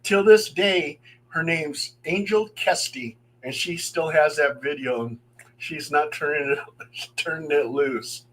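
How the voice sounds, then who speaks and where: A middle-aged man, a paranormal investigator, telling ghost stories in a casual, animated way and acting out the voices in them. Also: fairly high pitch, slow pace, slight background noise, poor audio. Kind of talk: casual storytelling on a talk show.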